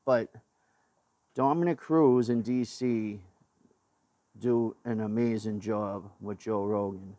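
This show host is a Boston-accented man with a medium pitch and a darkish tone. Speaking casually to camera, he rambles through blunt, profane opinions, with lots of fillers and restarts. The recording is dry.

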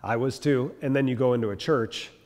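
A man's voice: medium pitch, brisk, a little mellow. A man teaching a class, telling stories and mimicking the people in them. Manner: storytelling, mimics people in quotes. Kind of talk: animated classroom lecture with acted anecdotes. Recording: long hall reverb.

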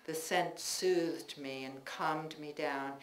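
Lower-voiced woman reading a memoir aloud. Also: slow. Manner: wry, expressive storytelling with warm laughter. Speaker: writer reading her work. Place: bookstore reading, indoors. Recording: roomy bookstore with faint noise.

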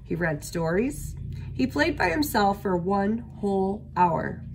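A woman reading a children's picture book aloud as a storyteller, steady and expressive. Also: medium pitch, slow, gravelly, slight background noise.

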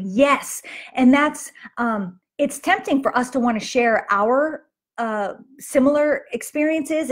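A middle-aged woman hosting a faith-based moms' talk, chatting conversationally with frequent restarts and fillers. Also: a little high. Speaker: host of a moms' ministry talk. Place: Las Vegas.

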